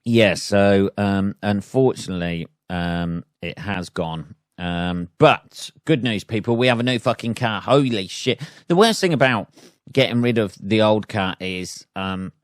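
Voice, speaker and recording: A man's voice: on the low side, unhurried, dry recording, studio quality. A man, a podcast host and stand-up comedian, ranting in a sweary, rambling, self-amused way in a casual solo chat.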